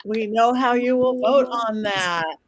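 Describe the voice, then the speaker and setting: A woman hosting a panel show, moderating briskly and moving the talk along. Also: a little high. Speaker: host.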